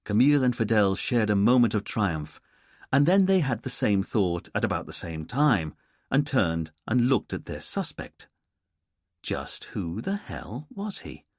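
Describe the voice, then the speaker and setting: A man narrating a mystery audiobook in an expressive storytelling manner. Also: lowish voice, measured pace, no echo. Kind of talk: scripted narration. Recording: dry close studio sound.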